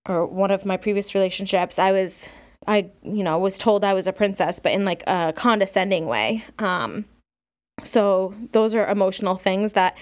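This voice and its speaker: A young woman hosting a podcast, talking candidly in a rambling personal monologue full of fillers and restarts. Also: medium pitch. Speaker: podcast host.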